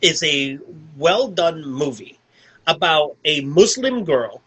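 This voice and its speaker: A man's voice: a little high, very animated, takes it slowly, fairly bright tone, husky, low-quality recording. A man co-hosting a podcast, recapping a film in casual chat, rambling with lots of "like" and restarts. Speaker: podcast co-host. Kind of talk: casual movie review chat.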